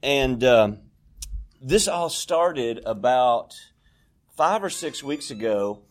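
A man's voice: mid-range voice, expressive, slow. A man gives a candid, self-deprecating personal testimony at a recovery meeting, acting out bits of dialogue. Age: 40s.

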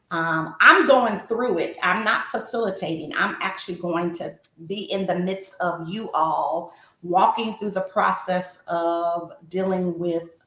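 Woman wife coach, slow and preachy, bright sharp tone, lots of ums, echoey room. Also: fairly low pitch. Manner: earnest and encouraging, many "um" pauses. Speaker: wife coach and show co-host. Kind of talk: faith-based coaching talk, preacherly.

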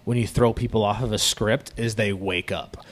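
A middle-aged man hosting a casual business podcast, animated and often acting out customer-service voices. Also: fairly low pitch, normal speed. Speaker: podcast host, business owner. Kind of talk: casual chat.

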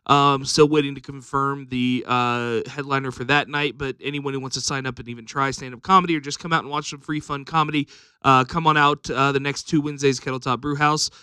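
A man's voice: medium pitch, steady tone, a little fast, bright, forceful tone, clean tone, no room sound, studio quality. A man who books comedy shows and co-hosts a podcast, reading out dates in a rambling way with lots of ums. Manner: rambling announcements with many ums. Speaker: comedy show booker and podcast co-host. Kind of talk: casual podcast chat.

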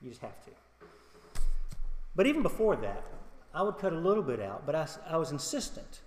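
A man's voice: fairly high pitch, big pitch swings, a little fast, darkish tone, slight background noise. A middle-aged male pastor giving a conversational sermon with humor, personal stories and questions to the congregation. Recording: echoey hall.

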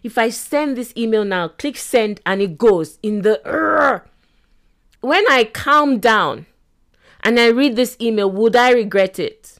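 A middle-aged woman with a slightly high voice hosts a self-help podcast. She talks in an animated way, acting out small quoted scenes and laughing as she goes. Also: a little slow. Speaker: podcast host.

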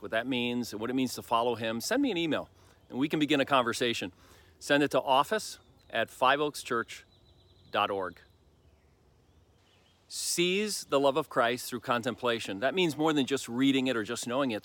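An older man, a pastor, preaching a sermon in an earnest, reflective way with pauses and emphatic rises, with faint noise behind him. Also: mid-range voice, animated, a bit bright.

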